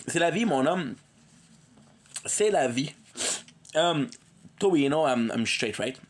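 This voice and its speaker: A man's voice: a little high, a little hiss or hum. Tired man rambling on a livestream. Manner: rambling and playful, drops in foreign words; chats with viewers by name. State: tired and coming down with a cold. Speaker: gaming streamer. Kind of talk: casual livestream chat.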